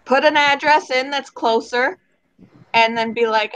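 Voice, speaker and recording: A woman's voice: a little high, fairly even intonation, moderate pace, fairly bright tone, no echo, low-quality recording. A woman hosting a casual group chat, laughing often and acting out what people say. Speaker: host.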